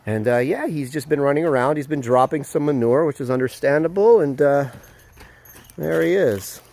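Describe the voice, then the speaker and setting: A man vlogging casually outdoors at a horse paddock, excited and chatty, with lots of fillers, filmed on a handheld phone. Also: a little high, normal speed, dry recording. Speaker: vlogger, dog trainer. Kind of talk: casual vlog to camera.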